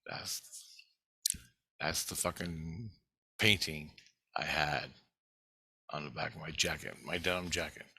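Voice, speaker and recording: A man's voice: rumbling low, slow pace, long pauses, slightly rough, dry recording. Profane rambling man telling stories. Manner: profane, rambling, animated when excited. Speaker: vlogger. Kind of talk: casual storytelling monologue.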